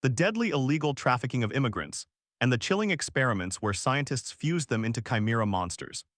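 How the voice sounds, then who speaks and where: Lively man narrating a story recap. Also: medium pitch, no echo, clean studio sound. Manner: punchy, slangy retelling with quick restarts.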